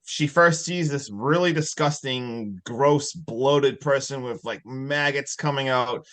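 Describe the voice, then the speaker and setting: A man hosting a podcast, retelling a film plot in a loose, excitable way and swearing casually. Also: medium pitch, takes it slowly. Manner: excitable storytelling, loose and profane. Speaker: podcast host. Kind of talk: casual movie recap.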